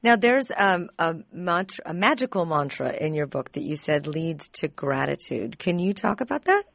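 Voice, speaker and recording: A woman's voice: on the low side, big pitch swings, normal speed, creaky, no room sound. A woman hosting an interview, asking questions and affirming her guest. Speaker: interview host.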